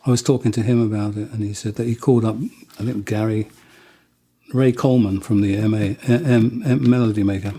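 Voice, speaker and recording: A man with a mellow, slightly breathy voice tells his stories as an interviewee. He wanders through them casually, often restarting a sentence. Now and then he briefly imitates what someone else said. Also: lowish voice, fairly even intonation, brisk. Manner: rambling, with many restarts and acted-out quotes. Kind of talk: casual anecdotal storytelling.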